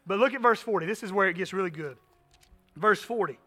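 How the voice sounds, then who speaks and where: A man preaching a sermon as pastor, animated, swinging from loud emphasis to hushed asides. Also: high voice, brisk, soft background music.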